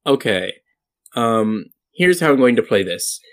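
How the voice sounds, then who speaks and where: A man running a tabletop game as game master, talking in a halting way full of ums. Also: medium pitch, very animated.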